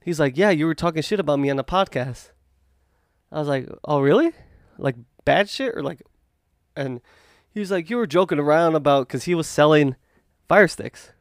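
A man hosting a podcast, telling a story in animated casual chat, acting out quotes and swearing freely. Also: a little high, normal speed, long pauses, dry recording, clean studio sound. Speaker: podcast host.

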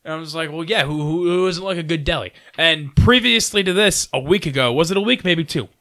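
Bright-voiced man telling a rowdy story. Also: on the high side, brisk. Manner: animated storyteller who pushes up his voice for drunk characters; swears freely. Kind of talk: casual storytelling among friends.

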